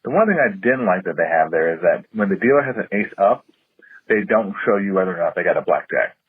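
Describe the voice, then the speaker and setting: A man calling in from Virginia to give a trip report in a steady, matter-of-fact way. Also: low-pitched, fast, no room sound. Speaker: caller. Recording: husky phone line.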